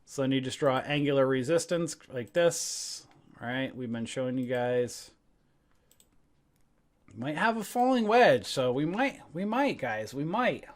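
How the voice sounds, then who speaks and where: A man venting on a live trading stream, his pitch swinging up and down as he swears and laughs through his frustration. He talks at a desk mic from home and then settles into reading charts. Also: expressive, a little slow. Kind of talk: ranting live-stream chat.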